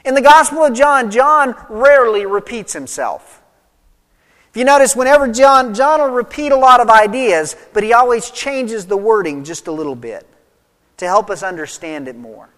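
A pastor preaching a sermon, swinging between loud emphatic lines and soft, low asides. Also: expressive, moderate pace. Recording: long reverb of a large hall.

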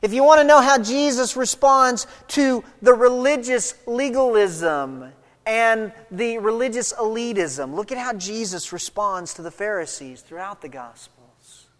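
A woman pastor preaching a sermon verse by verse, swinging between loud emphatic stretches and quiet low passages. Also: animated, unhurried. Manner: expository, walks through a scripture passage verse by verse. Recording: long hall reverb.

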